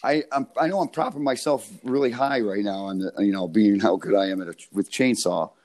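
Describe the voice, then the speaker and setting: A man's voice: on the low side, a little fast, darkish tone. A young American man telling rambling, profane stories in a casual chat as a podcast co-host, laughing as he talks.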